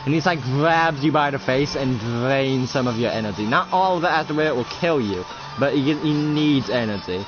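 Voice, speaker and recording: A young man narrates a roleplay fight in a rush of excitement, swearing freely and acting out the blows with grunts and cries. His voice climbs and dips, full of energy. The sound is muffled and lo-fi, with music playing clearly behind him. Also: medium pitch, normal speed. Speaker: roleplay player. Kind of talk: improvised roleplay storytelling.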